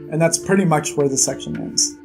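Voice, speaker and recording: A vlog host chats through a book recap in a lively, conversational way. The delivery is animated and opinionated, with irritated asides about the main character. Soft music plays faintly underneath. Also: medium pitch, a little fast, vocal fry. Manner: animated, chatty retelling of scenes.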